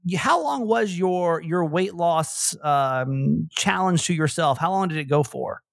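A man hosting a casual podcast chat, quick and self-mocking, laughing often. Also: on the high side, lively intonation, creaky, no echo, studio quality. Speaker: podcast host.

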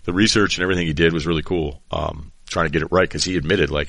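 A man's voice: low voice, steady tone, quick pace, gravelly, fairly bright tone, dry recording. A middle-aged man hosting a podcast, chatting in a rambling, joking way and often interrupting himself. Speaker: podcast host. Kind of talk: casual chat.

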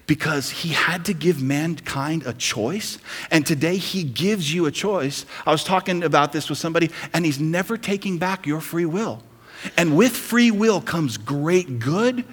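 A man's voice: on the high side, long reverb tail. A man preaching a sermon as pastor, building to emphatic, rising intensity.

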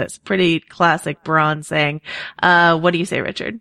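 A woman's voice: on the low side, normal speed, pushed and bright, no echo, studio quality. A woman co-hosting a podcast, chatty and enthusiastic, laughing often as she talks. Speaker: podcast co-host. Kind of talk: casual podcast chat.

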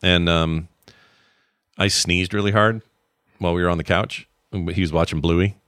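A man's voice: deep voice, moderate pace, no echo, clean studio sound. A middle-aged man co-hosting a podcast in casual chat, joking and telling rambling stories. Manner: jokey, rambling, animated storytelling. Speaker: podcast co-host.

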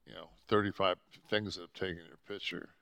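A man co-hosting a podcast into a studio mic, with a deep voice, rambling and cursing often as he chats casually. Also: steady tone, brisk, creaky, pushed and bright, no echo. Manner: rambling, swears often, restarts a lot. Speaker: podcast co-host. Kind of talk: casual profane chat. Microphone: podcast microphone.

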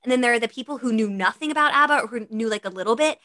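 A woman's voice: a little high, very fast, bright, forceful tone. A woman co-hosting a casual podcast, talking eagerly and sometimes breaking into song. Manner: enthusiastic, bursts into song. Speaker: podcast co-host.

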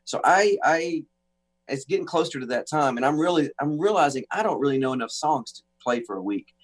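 A man from the United States, a guest on a talk show, telling an animated story with acted-out quotes and frequent restarts. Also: on the high side, a little fast. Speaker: guest musician.

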